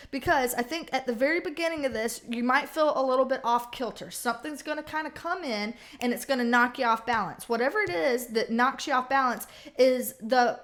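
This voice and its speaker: A woman with a high voice gives a casual tarot reading. She talks bluntly and chattily, swears freely, and slips into little acted-out voices for the people she quotes. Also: a bit bright. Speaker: tarot reader.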